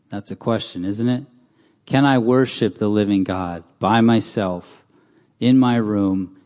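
A man's voice: mid-range voice, dark tone. A man giving a casual, conversational sermon in a church, often putting questions to the congregation. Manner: casual, asks the crowd questions. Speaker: preacher. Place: church hall. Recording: long hall reverb.

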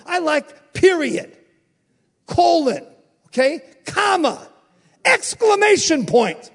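A man preaching a sermon, firing off rhetorical questions and swinging between loud exclamations and quiet asides. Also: very high-pitched, big pitch swings. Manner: rapid-fire rhetorical questions.

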